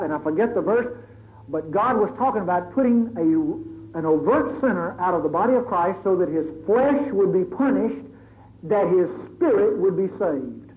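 A male preacher giving a sermon in a dramatic, conversational storytelling manner. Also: high voice. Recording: tinny phone-like recording, faint hiss.

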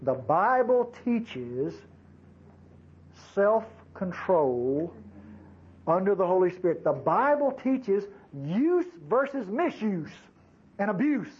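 A man's voice: high voice, big pitch swings, slow pace, a little mellow, breathy edge, dull audio. A man preaching a sermon to his congregation in a folksy, conversational way, with frequent asides to the listeners. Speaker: pastor.

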